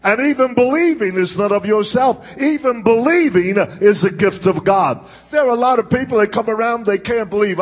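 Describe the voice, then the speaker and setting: High, husky-voiced preacher in echoing church. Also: male voice. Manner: call-and-response preaching, drawn-out emphatic phrasing. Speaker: pastor. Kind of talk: sermon. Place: church sanctuary. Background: congregation responding.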